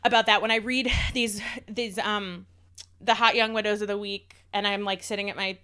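A woman hosting a casual podcast, chatty and quick to laugh. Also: medium pitch, steady tone, bright, forceful tone, smooth. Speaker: podcast host.

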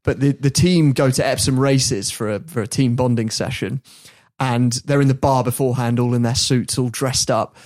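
A man, hosting a podcast and telling anecdotes in a lively, laughing way. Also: medium pitch, normal speed. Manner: animated, laughs while telling stories. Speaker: podcast host. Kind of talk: storytelling in casual chat.

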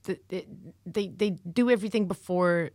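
A woman's voice: on the low side, moderate pace, a little mellow, dry recording, clean studio sound. A woman co-hosting a comedy podcast, rambling and self-deprecating, laughing often. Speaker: podcast co-host. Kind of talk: casual comedy chat.

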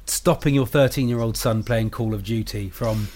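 A man's voice: on the low side, moderate pace, darkish tone, slight background noise. A man in his forties chatting casually on a call, jokey and self-deprecating. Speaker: homeschooling parent and radio presenter. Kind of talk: casual video call chat.

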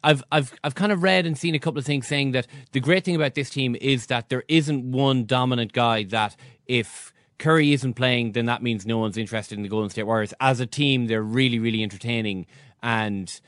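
A man's voice: mid-range voice, brisk, fairly bright tone, no echo, studio quality. Conversational man hosting sports chat. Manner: conversational, hesitant fillers. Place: Dublin.

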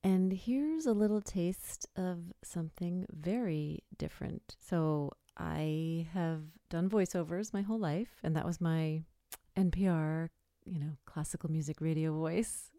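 A woman's voice: deep voice, steady tone, moderate pace, mellow, clear, resonant tone, no echo, clean studio sound. A woman who is a voiceover artist hosting her own podcast, talking in a chatty, rambling way and often correcting herself. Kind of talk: casual solo podcast talk.

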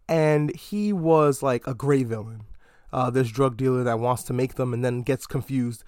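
A man hosting a podcast, chatting casually about a movie in an animated, swearing way. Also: medium pitch, normal speed, no room sound, clean studio sound. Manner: animated, profane, slips into mock slang quotes. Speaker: podcast host. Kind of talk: casual movie review monologue.

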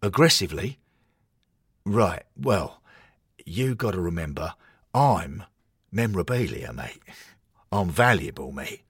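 A cocky little male footballer statue, put on by a man, chummy and smug. His husky voice rises and falls freely in a dry, close recording. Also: deep voice, sing-song, measured pace, long pauses, no echo, exaggerated voice.

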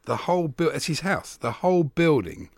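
A man's voice: fairly high pitch, lively intonation, moderate pace, vocal fry, no room sound. A man co-hosting a sports radio show, amused and laughing, reading out odd news stories. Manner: amused, laughs often, reads out news items. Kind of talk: casual radio banter. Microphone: studio microphone.

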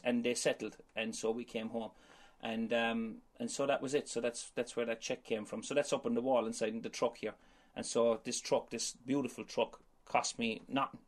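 A man's voice: mid-range voice, fairly bright tone. A middle-aged man from County Kerry with an Irish accent, an Elvis tribute performer telling anecdotes and acting out what people said. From Ireland. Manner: chatty, anecdotal, fond of quoting voices. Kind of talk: storytelling interview.

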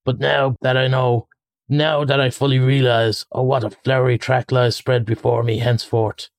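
A man voicing a dazed male toad in a storybook reading, murmuring in a dreamy monotone. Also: mid-range voice, normal speed, no echo, close to an everyday voice.

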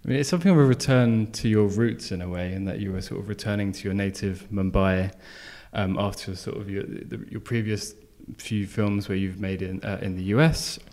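A man's voice: on the low side, a little fast, few pauses, a little mellow. A man interviewing a film director, asking long, winding, earnest questions.

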